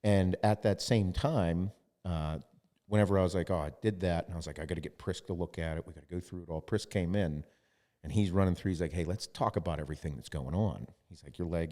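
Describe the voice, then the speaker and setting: A man's voice: low-pitched, fairly quick, dark tone, big-room sound. A man hosting a podcast, telling a story in casual chat and quoting others, with lots of swearing. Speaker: podcast host.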